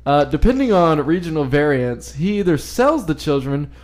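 Guy cohosting a podcast, kinda high voice, jokey and giggly, lots of ums. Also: very animated, normal speed, darkish tone. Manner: joking, giggly, loose storytelling with fillers. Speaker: podcast co-host. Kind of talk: casual chat, reading folklore notes. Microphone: phone.

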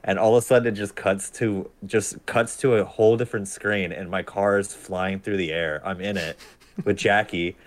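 A man's voice: on the low side, steady tone, normal speed. A man in casual chat, telling a rambling game anecdote with frequent restarts. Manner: rambling, self-correcting storyteller.

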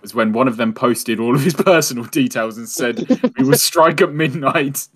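A man's voice: mid-range voice, moderate pace, slightly rough. A man co-hosting a casual podcast, reading short horror stories aloud in a laid-back, hesitant way. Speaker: podcast co-host.

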